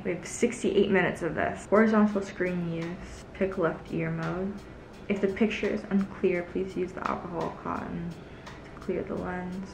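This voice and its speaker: A woman's voice: lowish voice, vocal fry, echoey room. A young woman vlogging casually as she tests a gadget, chatty and easily grossed out. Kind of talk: casual product-testing vlog.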